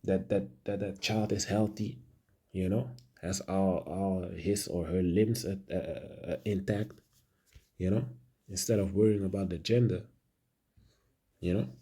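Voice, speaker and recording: Brief: male religious commentator, dark and raspy, halting preaching delivery. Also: low voice, fairly even intonation. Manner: halting, repeats words, many fillers; ends phrases with "man".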